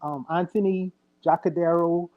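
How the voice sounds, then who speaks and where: A man's voice: a little high, steady tone, moderate pace, phone-quality sound. Rambling, earnest man on a podcast. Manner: rambling, self-correcting, earnest. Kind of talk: casual livestream chat.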